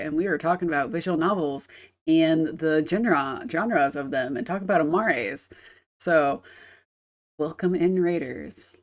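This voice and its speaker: A woman game streamer chatting casually on a live stream, rambling and explaining with casual swearing. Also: sits low.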